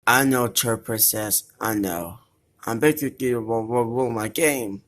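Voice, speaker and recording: A performer voicing a nervous young boy hero in toy play-acting, in a lowered, worried voice that timidly repeats itself. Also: measured pace, a bit bright, close to an everyday voice.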